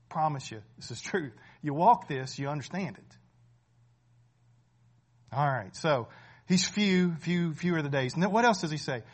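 Male preacher, forties, high-ish voice, chatty delivery that builds to emphatic peaks. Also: lively intonation, unhurried, long pauses. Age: 40s. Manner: conversational preaching with frequent "right?", swelling to loud emphatic peaks. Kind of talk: sermon.

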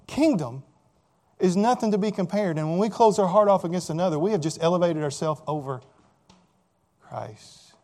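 Male pastor, fairly high voice, plain conversational preaching that keeps checking in with the congregation. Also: lively intonation, normal speed, a little mellow. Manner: conversational preaching with rhetorical questions and repeated words. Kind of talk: sermon.

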